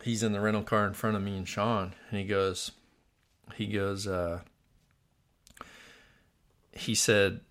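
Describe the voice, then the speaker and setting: A podcast host telling a funny story in casual chat, laughing often and acting out what others said. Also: male voice, lowish voice, a little slow, long pauses. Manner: animated storyteller, laughs often, acts out quotes.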